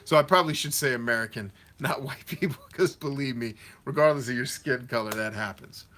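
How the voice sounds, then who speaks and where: Brisk and fairly bright, this mid-range male voice belongs to the host of a live Q&A stream. He picks up viewers' comments, reads them out, and replies head-on in a loose, slangy, pep-talk style.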